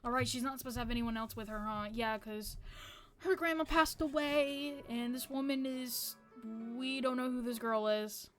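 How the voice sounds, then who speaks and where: A high-voiced woman streamer chats and reacts out loud while she plays. She talks casually and excitably, with faint game music in the background. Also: moderate pace. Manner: excitable, chatty, reacts loudly. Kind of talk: casual game-play commentary.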